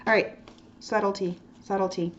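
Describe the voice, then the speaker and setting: Leading a drawing lesson, this woman speaks at a moderate pace in a medium pitch with fairly even intonation. She's an art teacher with a playful, chatty style who whispers little asides while showing her technique. Audio is muffled and lo-fi, carrying a faint hiss.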